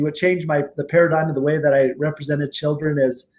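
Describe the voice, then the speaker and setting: A middle-aged man being interviewed as a guest, telling stories in a relaxed, rambling way, with many fillers and restarts. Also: fairly high pitch, a little fast, dull audio. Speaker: guest attorney and tribal judge. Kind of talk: casual interview storytelling.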